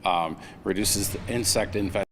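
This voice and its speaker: A man speaking as an industry interviewee in a halting way, stumbling over his words. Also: sits low, fairly even intonation, fairly bright tone, slight background noise.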